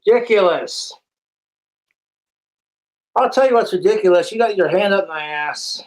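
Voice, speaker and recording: A man's voice: sits high, lively intonation, slow pace, long pauses. A man doing a crude, profane comic skit, arguing with himself in two quoted voices.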